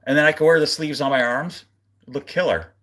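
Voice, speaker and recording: A man's voice: a little high, brisk, fairly bright tone. A man hosting a casual livestream, seated and chatting in a laid-back, rambling way, chuckling often between thoughts. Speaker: livestream host and guitarist. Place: home streaming setup, seated.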